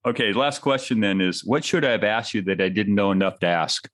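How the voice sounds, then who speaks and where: A man's voice: lowish voice, a little fast, a bit bright. A man hosting an interview, asking closing questions and answering with brief affirmations. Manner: brief affirmations and easy laughter. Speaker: podcast host. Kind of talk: casual interview.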